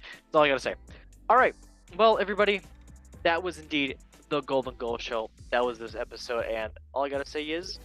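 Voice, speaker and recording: A man's voice: mid-range voice, fairly bright tone, faint music behind. Playful young man hosting a chat show. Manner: chatty, playful, quick to laugh at his own jokes. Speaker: podcast host. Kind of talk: casual chat reading football memes.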